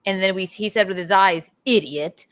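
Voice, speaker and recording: A woman trades jokes on a casual podcast, quick with sarcastic asides. Her voice sits in a middle pitch for a woman and stays conversational. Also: little pitch movement, fairly bright tone, clear, resonant tone, no echo. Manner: joking, sarcastic banter. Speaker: podcast co-host. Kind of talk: casual chat.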